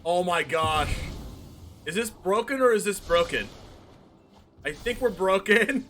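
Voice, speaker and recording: A man streaming a card game, commenting loudly and excitedly on each play. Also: sits high, a little slow, long pauses, a little hiss or hum. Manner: loud, excitable, often shouting and laughing.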